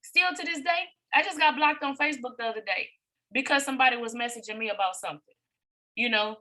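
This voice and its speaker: A high-pitched, bright-toned middle-aged woman delivers a motivational training talk to her team. She talks emphatically, repeating her points and tossing out rhetorical questions. Her bright voice carries a forceful, pushing edge. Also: fast, low-quality recording. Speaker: business coach presenting to a team.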